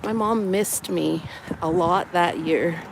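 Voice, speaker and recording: A middle-aged vlogger chats reflectively while out on a walk, recorded on a phone in a casual walking vlog. The voice is mid-range and slow with vocal fry. The outdoor recording is noisy, with vehicles passing by.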